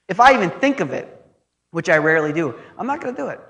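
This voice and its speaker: Animated man giving a wry lecture. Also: sits high, quick pace, vocal fry. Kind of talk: conversational lecture with storytelling.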